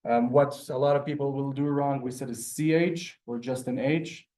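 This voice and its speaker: A man's voice: medium pitch, steady tone, moderate pace, dark tone. Patient man teaching a class. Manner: patient, step-by-step explaining, often checking in with the class. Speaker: Hebrew teacher. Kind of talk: classroom lesson.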